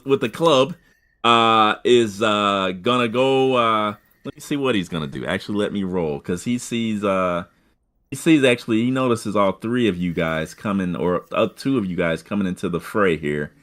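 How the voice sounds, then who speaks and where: A man running a tabletop game as game master, talking in halting stretches full of fillers and restarts. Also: lowish voice, a bit bright.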